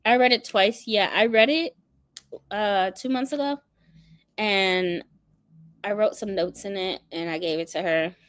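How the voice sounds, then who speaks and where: A woman's voice: medium pitch, measured pace, pauses often, clean tone, dry recording. A woman hosting a book channel, chatting casually and animatedly with frequent laughter. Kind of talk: casual livestream chat.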